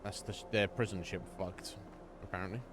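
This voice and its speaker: A man's voice: low voice, flat delivery, fairly quick, background noise. A man streaming a game, chatting loosely, swearing and laughing at what happens. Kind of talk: live gaming commentary.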